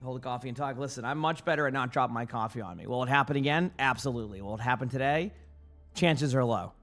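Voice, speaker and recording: A man's voice: medium pitch, quick pace, a bit bright, soft background music. Groggy streamer man chatting casually. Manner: rambling, repeats words, answers chat. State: morning voice, just woke up. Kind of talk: casual livestream chat.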